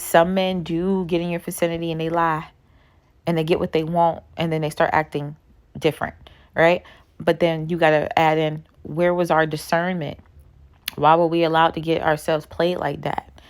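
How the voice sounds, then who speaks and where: Blunt low-voiced woman in her thirties. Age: 30s. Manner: blunt, profane, lecturing. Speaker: vlogger. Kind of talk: casual reaction commentary.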